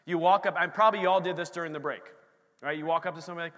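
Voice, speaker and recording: A man delivers an emphatic sermon in a church, his voice high and bright. He repeats phrases for emphasis and drives the energy upward. A long reverb from the sanctuary trails every line. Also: steady tone, racing. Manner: emphatic preaching, repeating phrases with rising intensity. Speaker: pastor.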